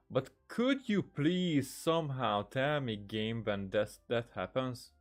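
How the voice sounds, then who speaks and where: A man's voice: medium pitch, lively intonation, slow, hardly any pauses, faint music behind. A man giving casual let's-play commentary, exasperated and talking back at the game. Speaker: gamer.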